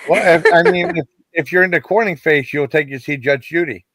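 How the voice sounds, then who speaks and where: A man's voice: fairly high pitch, fairly quick, a bit bright, no room sound. A man in a casual chat, joking around and trailing off with lots of yeahs and restarts. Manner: jokey, lots of fillers, repeats words.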